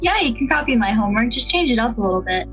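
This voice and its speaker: A woman's voice: on the high side, sing-song, rapid-fire, lo-fi sound. A woman guest on a podcast, chatting in a playful, teasing way with frequent laughter. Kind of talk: casual chat. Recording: soft background music under the talk.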